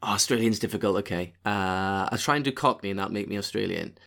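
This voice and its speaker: A man's voice: fairly low pitch, fast talker, gravelly, hardly any pauses, a bit bright. A man co-hosting a podcast in a playful, jokey chat. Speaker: podcast co-host. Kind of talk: casual chat.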